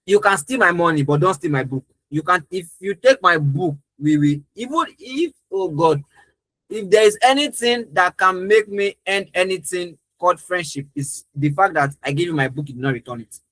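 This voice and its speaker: A young man with a somewhat high, bright, forceful voice leads a live training session. He talks earnestly and emphatically, leaning into his points. The sound is dry and close. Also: expressive, moderate pace, no echo, rough recording.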